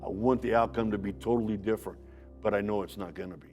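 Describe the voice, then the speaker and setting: A man with a low, gravelly voice speaks bluntly and emphatically. His frustration is plain in every line. Faint music plays underneath. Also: fairly even intonation, fast, darkish tone. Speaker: interviewee. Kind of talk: emotional interview.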